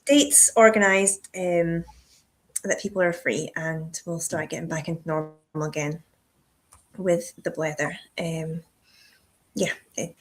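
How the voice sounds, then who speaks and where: Chatty sweary Scottish woman. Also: on the low side. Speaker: whisky shop co-host. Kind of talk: casual live-stream chat. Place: home kitchen.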